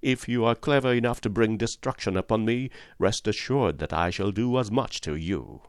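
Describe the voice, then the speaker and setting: Older villain for audiobook: soft, precise, politely menacing, voiced by a male reader, dry close recording. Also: on the low side, normal speed, no echo, pitched above the performer's own voice, natural voice. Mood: quietly threatening. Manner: quietly threatening, courteous. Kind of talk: audiobook reading.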